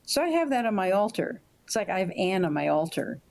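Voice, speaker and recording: A woman's voice: medium pitch, sing-song, a little fast, a little mellow. Older woman telling rambling stories. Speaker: guest author. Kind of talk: podcast interview.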